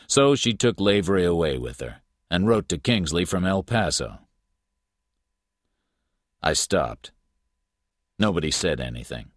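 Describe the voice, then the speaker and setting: A man narrating an audiobook in the first person, clipped and deliberate. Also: low-pitched, no room sound, studio quality.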